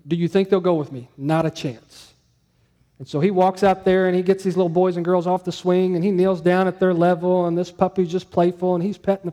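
A man's voice: fairly high pitch, dark tone. A man preaching a sermon to his church, talking conversationally and asking the room questions. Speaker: pastor.

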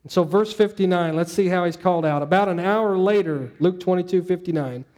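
A man preaching a relaxed, conversational sermon. He asks the congregation questions as he goes and acts out quoted lines. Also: high voice, a little fast.

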